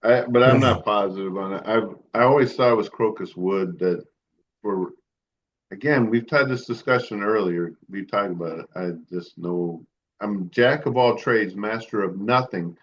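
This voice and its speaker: A middle-aged man on a podcast, voice pitched low, talking in a relaxed, rambling way full of pauses and restarts. His audio comes through dull and lo-fi, like a remote call. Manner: rambling, hesitant, many fillers and restarts. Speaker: podcast co-host. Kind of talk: casual chat.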